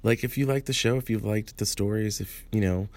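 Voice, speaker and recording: A man hosting a podcast, hoarse and raspy from allergies, rambling through announcements with self-mocking asides. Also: fairly low pitch, a little fast, a little mellow. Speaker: podcast host.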